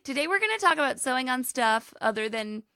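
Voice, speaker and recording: Bright, gravelly-voiced woman co-host. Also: high voice, animated, quick pace, no room sound, studio quality. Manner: chatty and giggly, rambling with restarts. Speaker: podcast co-host. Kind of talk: casual chat.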